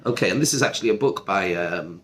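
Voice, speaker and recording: A man's voice: sits low, animated, fast, fairly bright tone, a little hiss or hum. A man, a rabbi teaching a study group, gives an informal classroom lecture. His talk is conversational, full of asides, rhetorical questions and restarts mid-sentence. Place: seminar classroom. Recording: echoey classroom.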